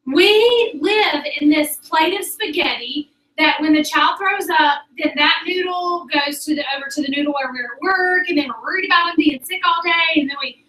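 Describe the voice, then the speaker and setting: A high, bright-voiced woman gives a motivational talk to her sales team. Her chatty, animated delivery carries through a roomy space, picked up from some distance. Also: normal speed, hardly any pauses. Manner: chatty, animated, addresses the audience as "y'all". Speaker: sales director. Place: meeting room with an audience.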